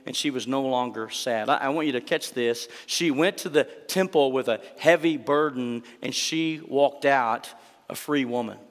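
A man's voice: mid-range voice, moderate pace, big-room sound. A male pastor preaching an earnest sermon, voicing the quoted scripture lines as he tells the story.

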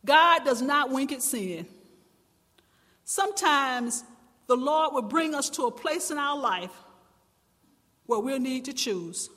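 Woman pastor, high bright voice, fervent sermon delivery, long church-hall reverb. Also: expressive, slow, pauses often. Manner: impassioned, swelling to loud emphatic cries. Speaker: preacher.

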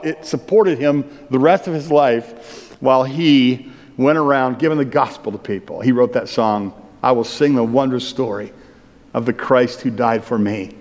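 A man's voice: mid-range voice, darkish tone, long reverb tail. A male pastor preaching a conversational sermon. He breaks into sung hymn lines now and then.

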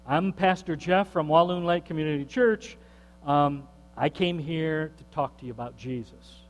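A man, a pastor, telling a story in a sermon with a conversational manner that turns animated when he quotes others. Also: a little high, moderate pace, lo-fi sound. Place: church sanctuary. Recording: long hall reverb with mains hum.

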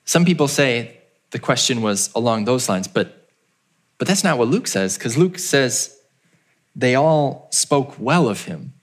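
Preaching as a pastor, this man recounts a story and plays the townspeople with a raised voice before falling quiet and low for emphasis. He sounds animated and keeps a measured pace.

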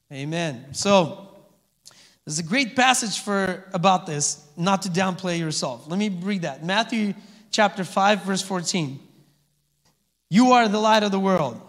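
A man's voice: high voice, a bit bright. A pastor giving a conversational sermon, often checking in with his listeners by asking "amen?" and "okay?". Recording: reverberant hall.

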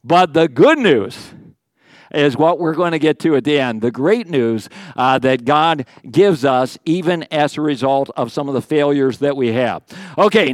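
A male pastor preaches in a relaxed, conversational manner, slipping in jokes and frequent checks with his listeners. His voice sits a little high for a man. The sound is dry and close. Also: dry recording. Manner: conversational, joking asides, frequent "okay". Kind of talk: sermon.

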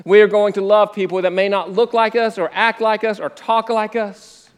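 A man preaching a sermon, reading scripture dramatically with sudden rises and hushed drops. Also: high voice, little pitch movement, normal speed, clear, resonant tone. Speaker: pastor. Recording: echoey hall.

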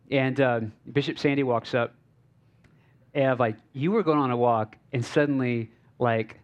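A man preaching a relaxed, story-driven sermon at a mid-range pitch. He speaks informally, circling back with fillers and restarts. The recording is slightly dull and lo-fi. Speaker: pastor. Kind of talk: conversational sermon.

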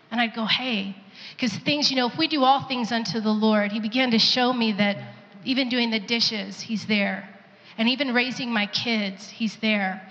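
A pastor's wife gives an earnest sermon testimony during a church service, sometimes acting out the voices of people she quotes. Her voice is fairly high with a sharp tone, and the muffled recording has a long reverb tail.

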